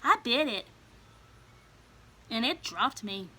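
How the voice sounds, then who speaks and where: A woman voicing a careful young sister cat with wings in a storybook, fussing like a mother. The tone is bright and slow. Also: a little high, expressive, full character voice. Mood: motherly. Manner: cautious, motherly.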